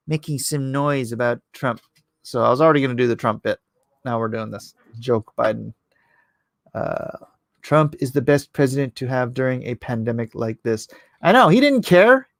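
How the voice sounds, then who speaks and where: A man talking his way through a casual livestream, rambling and sarcastic and full of mocking asides. His voice sits a little high for a man. It is recorded close and dry, with no room sound. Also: fairly bright tone, no room sound. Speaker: artist hosting a livestream. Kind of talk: casual political commentary.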